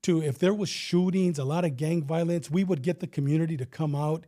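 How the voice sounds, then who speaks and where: A middle-aged man tells a story in a relaxed guest chat with a somewhat high voice and a mellow, warm tone. He talks animatedly, acts out the lines of the people in it, and swears without a second thought. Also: fairly quick. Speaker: retired police officer, guest. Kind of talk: casual storytelling.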